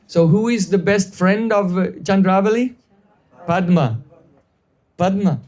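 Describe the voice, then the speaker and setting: A man's voice: high voice, expressive, a little slow, darkish tone. A man teaching in a live devotional storytelling class, explaining at length, repeating phrases, and checking in with listeners.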